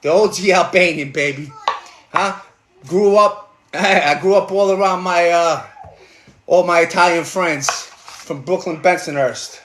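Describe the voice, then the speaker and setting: A man's voice: high voice, a little slow, echoey room, noisy background. A middle-aged man with a New York accent, ranting bluntly and rambling with profanity while cooking in his kitchen. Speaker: livestream host. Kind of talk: casual rant while cooking. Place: home kitchen.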